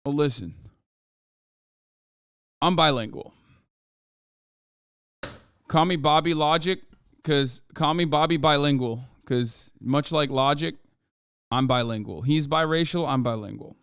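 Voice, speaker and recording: In a home studio in Los Angeles, a man in his thirties hosts a jokey, hyped live stream, chatting casually and reading the chat aloud. His voice is a little high, fairly bright and smooth, with a measured pace and long pauses. The recording is dry and studio-clean.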